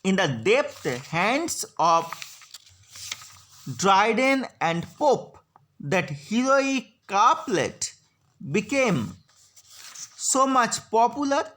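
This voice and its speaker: A woman giving a slide lecture on poetry, slowly spelling out syllables and stresses. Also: medium pitch, sing-song, a bit bright. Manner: slow, deliberate, spelling out syllables. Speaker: literature lecturer.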